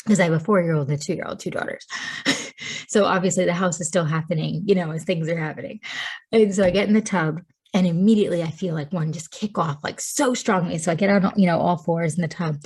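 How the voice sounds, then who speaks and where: A chatty woman from Tennessee in her thirties, telling her story as a podcast guest. Her voice sits a little low, and she laughs often and says "like" a lot. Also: darkish tone. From Tennessee, USA. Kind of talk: casual storytelling.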